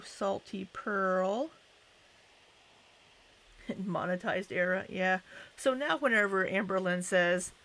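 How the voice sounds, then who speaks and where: A woman's voice: mid-range voice, creaky, fairly bright tone. A young woman hosting a casual livestream, chatting and greeting viewers by name. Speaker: livestream host.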